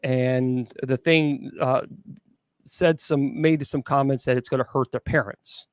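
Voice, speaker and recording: A man, a bishop and exorcist, recounts a haunting with stops, restarts and "uh"s. He breaks off into emphatic, disbelieving asides. His voice sits mid-pitch and sounds dry and close. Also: fairly even intonation, dry recording. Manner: halting, with many restarts and fillers. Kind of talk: storytelling at an open mic.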